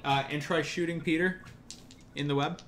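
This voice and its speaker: A man's voice: a little high, steady tone, moderate pace, a bit bright, a little hiss or hum. A man running a tabletop role-playing game as game master, casual and hesitant, with frequent ums.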